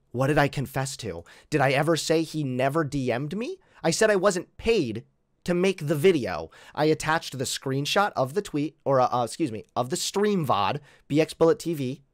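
A man's voice: a little high, no room sound, studio quality. A man hosting a commentary video, reacting to a clip in an exasperated, sarcastic rant. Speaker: commentary channel host.

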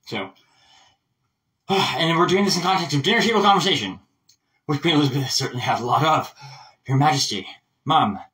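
A man's voice: a little high, fairly quick, pauses often, distant mic, poor audio. A man giving a casual voice lesson, chatty and full of asides. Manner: chatty, animated, explains with lots of asides. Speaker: voice coach.

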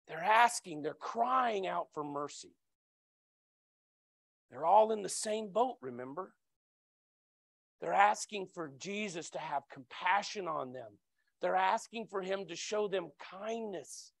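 A man preaching a sermon as a church elder, talking conversationally, often repeating his words, and breaking into loud high cries when voicing the people in the story. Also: expressive, slow pace, gravelly, pauses often, no room sound, studio quality. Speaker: lay preacher. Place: church sanctuary.

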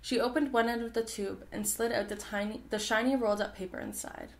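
A woman's voice: a little high, steady tone, fairly quick. A young woman reading a children's novel aloud, narrating and voicing the characters lightly. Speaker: audiobook reader.

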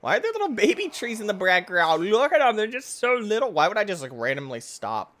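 An excitable man rattles off goofy let's-play commentary, his voice leaping all over the place. His tone is bright and sharp, and he breaks into yells and shrieks as he plays. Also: high-pitched, a little fast. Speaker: gaming YouTuber.

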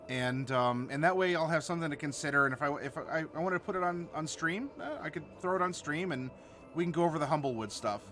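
A man's voice: a little high, fairly bright tone, slight background noise. A man hosting a review of tabletop game books who chats casually and reads passages aloud, rambling and restarting his sentences.

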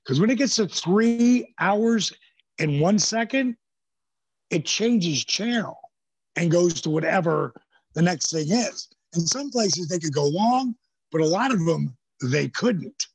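A gravelly, somewhat high man with a husky edge spins lively stories as a podcast guest. He swears freely and acts out other people's lines. The sound is dry and close to the mic. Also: slow pace, no echo. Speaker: podcast guest, former pro wrestler. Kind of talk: casual storytelling interview. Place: podcast studio.

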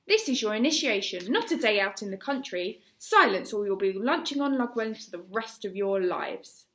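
A woman with an English accent voicing a gruff, scornful male Viking teacher who shouts at his pupils. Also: mid-range voice, lively intonation, normal speed, close to an everyday voice. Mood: bellowing.

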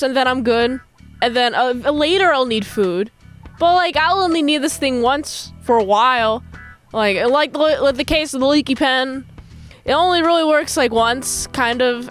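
A woman's voice: high voice, a bit bright. A young woman recapping and reviewing a TV episode in a casual, rambling, chatty way. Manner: chatty, rambling, lots of fillers.

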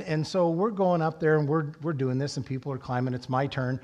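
A middle-aged man preaching a sermon in a church, telling a personal story with animated, rising emphasis. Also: high voice, fairly quick, few pauses. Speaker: pastor. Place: church sanctuary.

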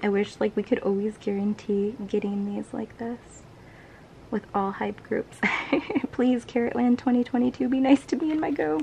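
A woman vlogger gushing through an unboxing, excitable and often dropping to a whisper. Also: on the high side, normal speed, creaky, slight background noise, rough recording. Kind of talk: casual unboxing commentary.

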